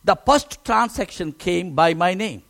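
Casting man, pastor, very high voice, emotional testimony storyteller with halting restarts. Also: animated, gravelly, a bit bright.

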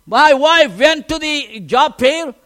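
Casting man, pastor, very high voice, emotional testimony storyteller with halting restarts. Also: expressive, bright, forceful tone.

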